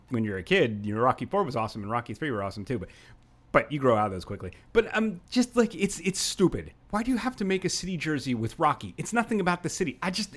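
A man from Pennsylvania hosting a podcast in casual chat, animated and quick to rant and laugh. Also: medium pitch. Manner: animated, ranting, laughs often. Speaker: podcast host. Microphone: headphones on, video call.

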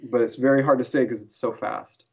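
A man with a husky, mid-range voice and fairly even intonation speaks fairly quickly. He consults on invented alien languages for a TV series and answers interview questions casually, with lots of restarts and fillers, in a dull lo-fi recording.

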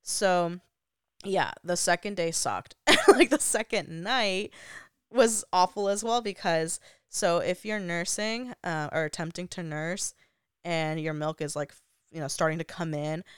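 Chatty low-voiced young woman vlogger. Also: a little slow, clear, resonant tone, no echo, studio quality. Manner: chatty, full of "like" fillers; laughs often while talking. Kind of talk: casual personal storytelling.

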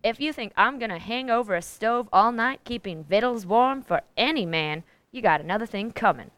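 A blunt, bossy old-time cook. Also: female voice, a little high, expressive, moderate pace, fairly bright tone, no room sound. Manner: blunt, folksy, ordering people about. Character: bossy gruff hired cook, a sailor's widow. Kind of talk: 1940s radio acting.

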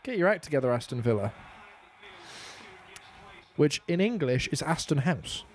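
Cheeky young guy heckling in casual chat, kinda high voice, pitch all over the place. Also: big pitch swings, moderate pace. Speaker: podcast co-host.

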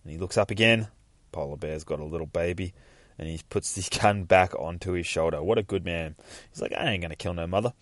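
A man's voice: low voice, brisk, no echo. A man hosting a podcast, retelling a comic book in a rambling, profane, jokey way. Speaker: podcast host.

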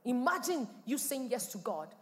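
A woman pastor preaches in an animated style, swinging from quiet asides to loud bursts. Her voice sits high and moves a lot. It rings out with a long reverb in a church hall. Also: moderate pace. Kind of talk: sermon.

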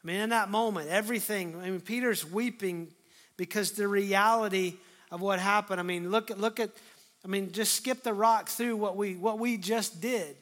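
A middle-aged man preaching a sermon, acting out scripture dialogue and swinging from hushed to loud. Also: sits high, moderate pace. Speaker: pastor.

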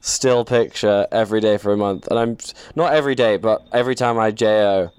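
A man's voice: lowish voice, steady tone, brisk, a little mellow, clean tone, no echo. A man co-hosting a casual podcast, musing in a laid-back way. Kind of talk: crude casual chat.

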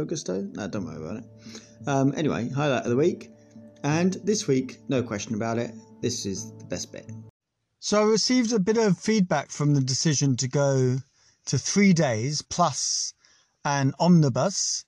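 Sweary, giggly podcast host. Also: male voice, fairly high pitch, big pitch swings, moderate pace, a little mellow, soft background music. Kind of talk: casual solo podcast monologue.

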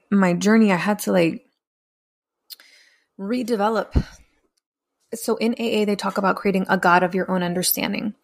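A woman's voice: mid-range voice, gravelly. A young adult woman telling her own story candidly and bluntly, with profanity and acted-out quotes. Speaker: speaker sharing her story.

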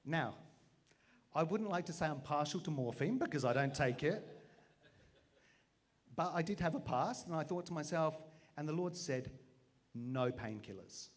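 A man, preaching through a funny personal story with a self-mocking, animated manner and acted-out voices. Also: fairly high pitch, moderate pace, long pauses. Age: 40s. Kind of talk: storytelling sermon.

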